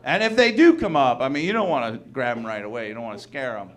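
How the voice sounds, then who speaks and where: A man's voice: mid-range voice, quick pace. A man from Wisconsin doing a stand-up comedy set on a club stage, rambling and chuckling at his own jokes as he slips into mock voices.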